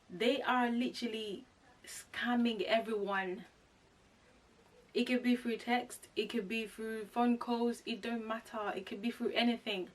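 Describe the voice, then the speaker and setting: A young woman vlogger chatting casually, retelling a personal story with lively quoted asides. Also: fairly high pitch. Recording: voice a bit far from the mic.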